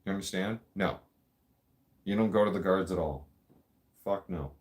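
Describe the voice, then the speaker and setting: Deep-voiced man telling blunt stories. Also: normal speed, darkish tone. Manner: blunt, profanity-heavy, laughs often. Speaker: podcast host. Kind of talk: casual storytelling.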